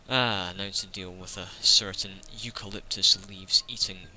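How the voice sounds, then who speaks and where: Male gamer, low-ish voice with a very bright, tense edge; dry sarcastic running commentary. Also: fairly even intonation, a little slow, hardly any pauses, a little hiss or hum. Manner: sarcastic, joking asides to the game. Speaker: let's play gamer. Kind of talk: casual gameplay commentary.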